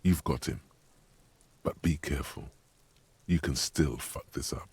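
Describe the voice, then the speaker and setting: A man's voice: a bass voice, measured pace, vocal fry, a little mellow, husky, no room sound, heavily acted. An actor voicing a grave, ominous male inner voice that guides a detective through a video game. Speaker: game narrator.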